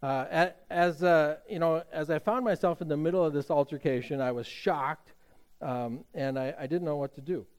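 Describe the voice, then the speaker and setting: A middle-aged man delivers a sermon from the pulpit, his voice sitting slightly high for a man. He tells stories conversationally, pausing on fillers and restarting his sentences as he goes. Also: darkish tone, clear, resonant tone. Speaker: pastor.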